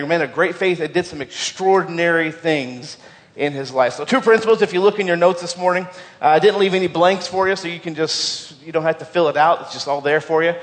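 A man's voice: on the high side, in a large hall. A man preaching a sermon as pastor, earnest, repeating key phrases for emphasis and often stumbling over repeated words.

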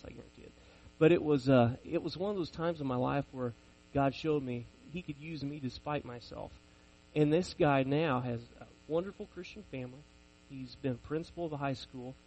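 A man's voice: medium pitch, fairly quick, darkish tone, lo-fi sound. A man in his forties preaching a sermon, telling personal stories in a conversational, self-deprecating way.

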